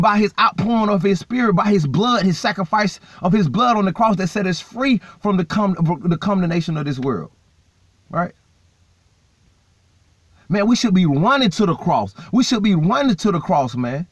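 High-voiced man preaching a casual sermon. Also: dry recording, dull audio. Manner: repetitive, emphatic, frequent "right?" and "man"; conversational, self-correcting. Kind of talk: street-style sermon.

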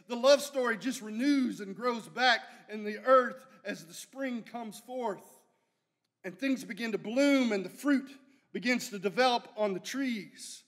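A man's voice: extremely high pitch, a little slow, a bit bright. A man preaching a sermon as a guest preacher, folksy and storytelling, repeating phrases for emphasis.

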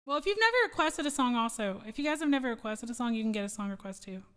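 A woman's voice: fairly high pitch, animated, racing, fairly bright tone, in a large hall. A woman streamer and singer chatting casually with her live chat, rambling and giggling as she loses her train of thought.

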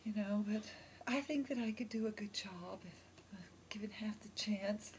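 A woman playing a fussy wife desperate for a baby, earnest and pleading, with soft whispered asides, in a comedy skit. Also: mid-range voice, moderate pace, slight background noise, natural voice. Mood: yearning.

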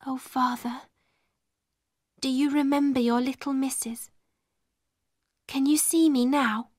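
Storybook girl: a woman voicing a brave, quiet servant girl, high and gentle. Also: fairly even intonation, slow pace, no room sound, clean studio sound. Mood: longing. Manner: quiet and earnest.

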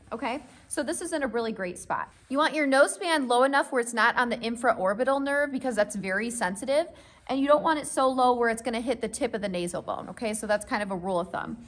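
Her voice slightly high and fairly bright, and her pace a little quick, a woman vlogs from a horse farm. She owns and rides horses, and she explains things step by step in a friendly, easygoing way while checking in with her audience.

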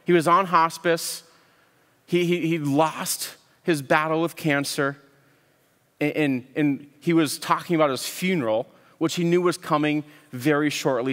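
A man preaches in an earnest, measured voice, pitched a little high for a man, circling back to repeat words as he lands each point. His voice carries a long reverb from a large church hall. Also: a bit bright. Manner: earnest, with frequent word repeats and pauses. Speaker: pastor. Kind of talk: sermon.

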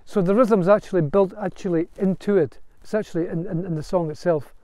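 A man's voice: high voice, fairly quick, dark tone, no room sound. A man, speaking as a bard and storyteller in an earnest spoken lecture, with a storytelling cadence and a few restarts. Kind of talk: spoken lecture on Gaelic song and history.

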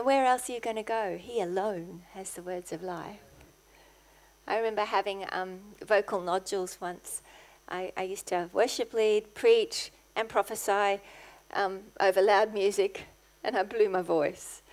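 A middle-aged woman, a guest pastor, preaching a sermon in church, rising to loud, passionate exclamations. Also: mid-range voice, fairly even intonation, normal speed.

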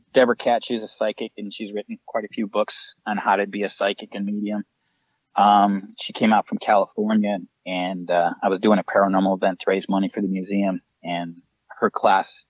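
A man, a paranormal investigator guest on a podcast, telling lively stories and acting out what people said. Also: fairly low pitch, a little fast, no room sound, lo-fi sound. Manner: animated anecdotes with acted-out quotes. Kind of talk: casual podcast storytelling.

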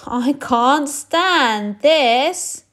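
A woman voicing a tired, fed-up male father bear for a storybook, groaning her complaints slowly and drawn out. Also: high-pitched, animated, fairly bright tone, pitched above the performer's own voice, exaggerated voice. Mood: exasperated. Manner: slow, drawn-out exasperated groans.

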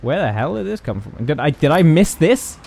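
A man's voice: a little high, sing-song, moderate pace, gravelly, darkish tone, slight background noise. A British man commentating a horror game, jittery and jokey, chatting to objects as he goes. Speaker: gaming YouTuber. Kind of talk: horror let's-play commentary.

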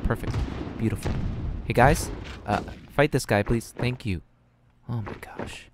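A young man giving casual let's-play commentary on a strategy game, flustered and self-mocking, thinking out loud with many fillers. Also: medium pitch, measured pace, noisy background. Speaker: gaming channel host.

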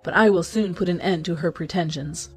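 A woman's voice: on the low side, a little fast, slightly rough, soft background music. A woman reading the lines of a stern, proud old king in a storybook, commanding in tone. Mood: angry.

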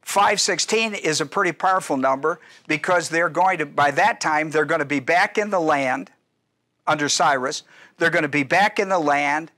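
A man's voice: a little high, normal speed, sharp tone. A male pastor teaching a Bible study class in a conversational, digressive way, often restarting sentences and asking the audience questions.

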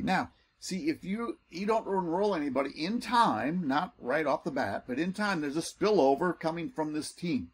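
A man giving an excitable, salesy screen-share walkthrough as a network marketing recruiter. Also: normal speed, hardly any pauses, husky. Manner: excitable and salesy, pitch jumps when enthused.

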